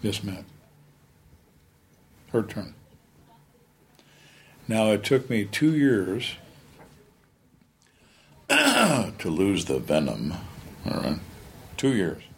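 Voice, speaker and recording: An older man, a retired police lieutenant, telling his stories in conversation in a blunt, plainspoken way with halting restarts. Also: lowish voice, wildly swooping pitch, a little hiss or hum. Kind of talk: storytelling in a conversation.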